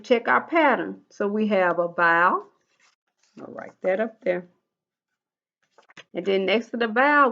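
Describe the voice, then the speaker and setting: A woman teaching young children in a recorded lesson, speaking slowly and patiently. She drills each rule by repeating it, and her voice comes through a dull, lo-fi recording. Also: mid-range voice, fairly bright tone. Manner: slow, patient, repeats rules in a sing-song drill. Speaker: first grade teacher.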